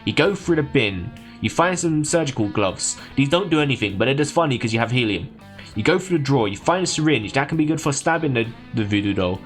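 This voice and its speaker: A man livestreaming, casually recapping a video game plot in a hurried, rambling way. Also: mid-range voice, lively intonation, soft background music.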